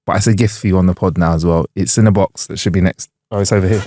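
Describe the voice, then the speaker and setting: A man's voice: deep voice, fairly even intonation, quick pace, mellow, no room sound. A young man co-hosting a podcast in a small studio, talking in a laid-back, slangy, upbeat way. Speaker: podcast co-host. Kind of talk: casual chat.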